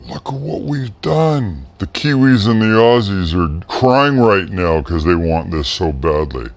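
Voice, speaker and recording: A middle-aged man with a lowish voice hosts a casual cooking demo from a home kitchen. He chats as he works and gushes over how good everything looks and tastes. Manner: enthusiastic, chatty, exclaims over the food. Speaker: cooking show host.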